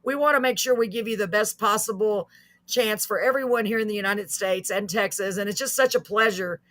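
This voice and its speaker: A woman's voice: medium pitch, a little fast, fairly bright tone. A woman hosting a live online show over a video call, chatty and effusive. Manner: chatty and effusive, laughs often. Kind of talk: casual live-stream chat.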